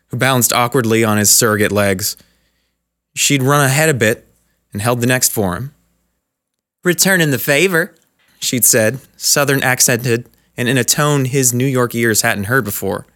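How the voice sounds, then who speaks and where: A man narrating a dramatic short story in a measured, scripted way. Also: medium pitch, a bit bright.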